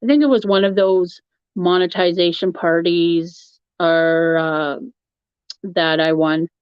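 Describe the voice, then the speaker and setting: Woman, live-stream host, easygoing rambler, unhurried delivery, dry lo-fi home recording. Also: lowish voice, steady tone, clean tone, no room sound. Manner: chatty, rambling, laughs often. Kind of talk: casual chat answering a live chat. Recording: dull, lo-fi, dry sound.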